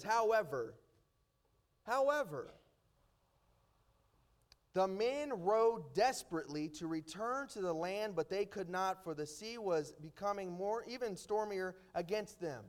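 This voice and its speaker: A man preaching a sermon, reading scripture aloud slowly and then explaining it with rising emphasis. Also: high-pitched.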